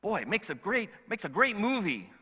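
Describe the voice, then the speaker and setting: High, sharp-voiced male pastor preaching. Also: normal speed, slightly rough, big-room sound. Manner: animated, conversational, asks the congregation questions. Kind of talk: sermon. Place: church sanctuary.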